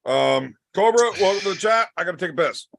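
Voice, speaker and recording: A man reads out viewer comments and teases his friends in a loose, joking chat. His voice sits notably high for a man. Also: animated, a little fast, vocal fry, fairly bright tone. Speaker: podcast co-host reading chat. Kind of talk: casual banter.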